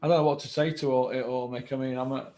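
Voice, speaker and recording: A man's voice: mid-range voice, flat delivery, quick pace, dark tone, a little hiss or hum. Agreeable man, echoey room. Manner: agreeable, short replies, exasperated. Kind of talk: casual chat.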